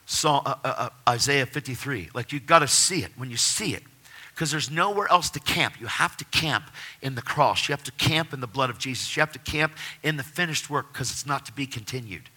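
A man giving an animated personal faith testimony, telling his story with excitement. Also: mid-range voice, brisk. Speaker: testimony speaker.

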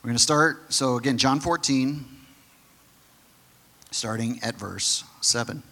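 A man's voice: medium pitch, slow, gravelly, sharp tone. A man preaching a sermon as a pastor, teaching in a conversational way with frequent restarts. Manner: acts out the quoted figures in his own voice.

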